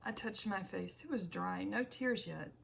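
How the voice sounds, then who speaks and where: A woman narrating an audiobook in the first person, with a measured reading and small self-corrections. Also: medium pitch, creaky, a little hiss or hum, low-quality recording.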